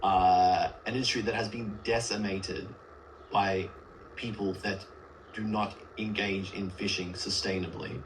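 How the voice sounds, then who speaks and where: Low male guest, earnest and rambling, filler-heavy, faint hum. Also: steady tone, measured pace. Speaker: livestream guest. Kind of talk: casual debate on a livestream.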